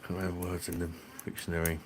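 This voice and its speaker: Sweary streamer, low voice. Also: male voice, monotone, very fast, a little hiss or hum. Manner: blunt, sweary, jokey banter with chat. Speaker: live streamer and beer reviewer. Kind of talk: casual live-stream chat.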